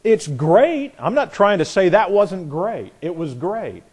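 A middle-aged man leads a Bible study in an earnest, conversational way. His voice sits a little high for a man, and he often restarts his sentences mid-thought. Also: very animated, a little slow, darkish tone, breathy edge. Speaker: Bible teacher. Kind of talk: informal Bible class teaching.

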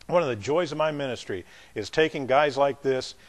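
A man's voice: mid-range voice, a little fast. Man casually teaching a Bible class. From not from the American South. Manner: conversational, with restarts and asides to the class.

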